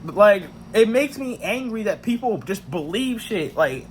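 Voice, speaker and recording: Frustrated young man ranting, lively high voice. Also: normal speed, hardly any pauses, faint music behind. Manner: frustrated, profane, heavy slang, restarts. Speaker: vlogger. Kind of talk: ranting monologue.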